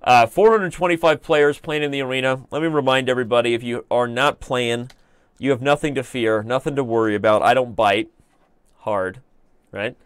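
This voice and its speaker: A man's voice: medium pitch, steady tone, smooth, no room sound. Playful male chess stream host, dry sound. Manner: playful, joking, fast-moving. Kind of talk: live chess commentary.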